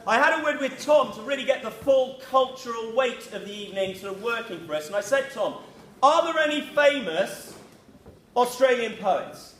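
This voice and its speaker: A man compering a school poetry evening, wry and a little halting. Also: extremely high pitch, animated, a bit bright. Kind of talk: casual event introduction. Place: school hall. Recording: echoey hall with faint noise.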